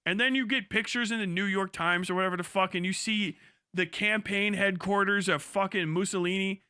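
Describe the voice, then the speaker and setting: Brief: very high-pitched male streamer, bright and forceful, profane and incredulous. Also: brisk, smooth, no room sound, studio quality. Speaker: livestreamer. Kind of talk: crude reaction commentary.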